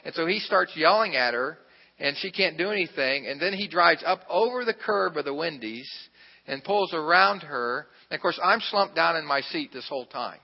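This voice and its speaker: A male pastor with a slightly high voice tells a personal story from the pulpit. He keeps it chatty and pokes fun at himself. The sound carries a long hall echo and a dull, muffled tone. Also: expressive, normal speed. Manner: conversational, self-deprecating storyteller with asides to the audience. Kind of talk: storytelling sermon. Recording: reverberant, muffled hall recording.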